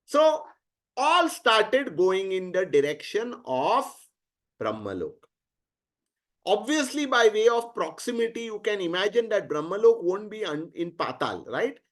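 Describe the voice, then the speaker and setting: A man with an Indian accent teaching through an animated story, mixing English with Hindi and putting rhetorical questions to his listeners. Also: sits high, a little slow. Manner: switches freely between English and Hindi. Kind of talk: storytelling lecture.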